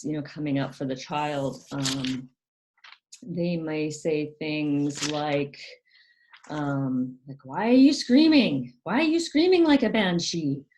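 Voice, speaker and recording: A woman hosting a casual educational talk, speaking softly with many ums and acting out quoted parents in a higher voice. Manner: soft-spoken, frequent ums, quotes parents in a higher, sharper voice. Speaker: channel host.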